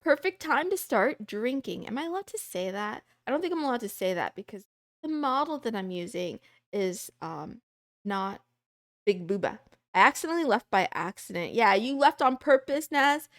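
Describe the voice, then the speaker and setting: A woman's voice: fairly high pitch, big pitch swings, moderate pace, no room sound, clean studio sound. A young adult woman streamer chatting casually and playfully with her live chat, rambling from topic to topic. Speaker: VTuber streamer.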